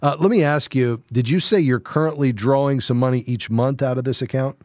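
Man, radio host, dry studio sound, steady mid voice, patient and reassuring with callers. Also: medium pitch, brisk, no room sound. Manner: friendly, reassuring, explains step by step. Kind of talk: call-in radio advice show.

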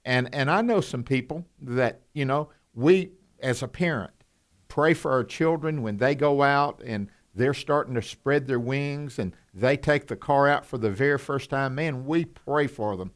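A man's voice: medium pitch, unhurried. A man co-hosting a conversational Bible teaching, folksy, asking his listeners questions, with moments of passion. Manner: folksy, asks questions, turns passionate at times.

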